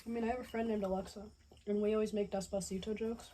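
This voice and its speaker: A woman's voice: mid-range voice, little pitch movement, fast, mellow, slight background noise. A woman hosting a casual mukbang chat in her home kitchen, chatty and laughing often. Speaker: host.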